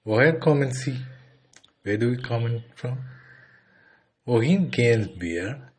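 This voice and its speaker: A man's voice: medium pitch, lively intonation, measured pace, a little mellow, slight background noise. A man teaching a beginner language lesson. He says each phrase, then translates it plainly, and sometimes restarts a word partway through.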